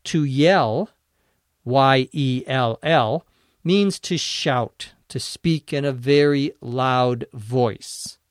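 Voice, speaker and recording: A man giving a language lesson. He explains phrases clearly and spells words out letter by letter. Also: mid-range voice, extremely slow, no room sound, studio quality. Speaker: English teacher.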